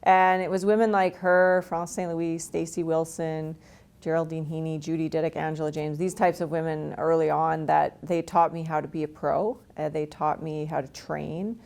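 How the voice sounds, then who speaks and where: A woman's voice: sits low, flat delivery, normal speed, creaky, a little mellow, clean tone. A woman in her forties from Canada, a retired hockey player telling stories frankly and laughing at herself in an interview. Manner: frank, self-deprecating, laughs often. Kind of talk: candid interview storytelling.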